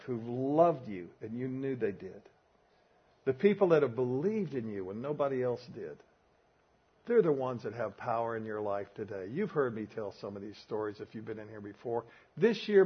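An older man with a Southern drawl delivers a sermon to a men's Bible study group, leaning hard on homespun stories. His voice is husky, and he drives each point home with emphasis. The recording sounds dull and lo-fi. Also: medium pitch. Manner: emphatic, folksy storytelling.

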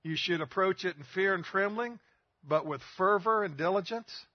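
A man's voice: sits high, moderate pace, dry recording, lo-fi sound. An older man preaching a sermon in a folksy storytelling manner, asking the listeners questions.

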